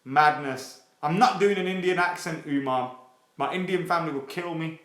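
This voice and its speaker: Lad hosting a late-night fan stream, fired up and swearing, slightly high voice, echoey room. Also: male voice, normal speed. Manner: excitable, sweary, reads viewer comments aloud. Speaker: football fan channel host. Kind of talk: casual live stream chat. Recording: roomy echo.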